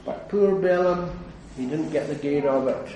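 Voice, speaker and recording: A man preaches an earnest gospel sermon, his mellow voice sitting a little high for a man. He swells into fervent declarations and then sinks low and quiet. He is heard from a distance in a very echoey hall. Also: normal speed, slight background noise. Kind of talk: evangelistic sermon.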